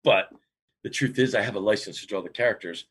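A man guest on a podcast, telling a long personal story in an animated way with big swings in pitch. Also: fast, slightly rough. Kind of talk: storytelling interview.

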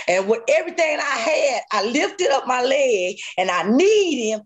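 A woman guest telling a harrowing personal story in an interview, vividly and emotionally, repeating phrases and sometimes close to tears. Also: high-pitched. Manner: vivid retelling with repeated phrases and sound effects; voice rises and falls sharply with emotion.

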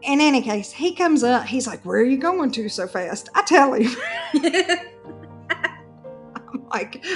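A woman's voice: sits high, sing-song, unhurried, pauses often, soft background music. A woman telling a personal story in casual chat, acting out both sides of the dialogue.

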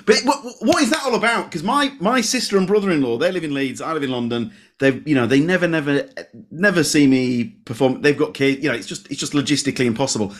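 A man hosting a comedy podcast, chatting casually and rambling with frequent restarts. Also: mid-range voice.

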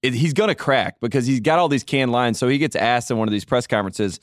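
A man's voice: mid-range voice, fast, no room sound, clean studio sound. A young man co-hosting a sports podcast, joking and opinionated in a wry way. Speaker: podcast co-host. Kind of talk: casual sports chat.

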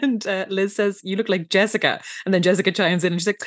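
A woman's voice: medium pitch, a little fast, no room sound, studio quality. A woman co-hosting a casual recap chat, laughing often and acting out quoted lines. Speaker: podcast co-host.

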